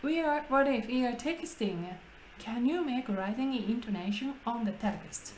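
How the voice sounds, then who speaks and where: A woman's voice: fairly high pitch, measured pace, darkish tone, rough recording. A woman with a Japanese accent explaining grammar in English, going step by step and asking rhetorical questions. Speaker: English practice host. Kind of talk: casual teaching chat.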